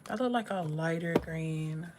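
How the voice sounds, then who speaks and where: A woman's voice: deep voice, a little slow, noisy background. A woman chatting casually with her livestream viewers while she does her makeup and reads comments aloud. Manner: laid-back, talks to chat, reads comments aloud. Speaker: livestream host.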